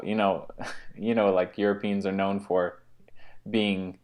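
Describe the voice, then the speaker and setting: A man with a fairly low voice co-hosts a relaxed conversation. He talks in a halting way, stopping and restarting sentences and leaning on fillers. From United States. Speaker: co-host. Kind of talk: casual conversational chat.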